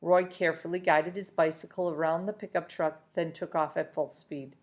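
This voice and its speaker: A woman reads a chapter of a children's novel aloud in a middle-pitched voice. Her reading is expressive, and she stops now and then to correct herself. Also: moderate pace.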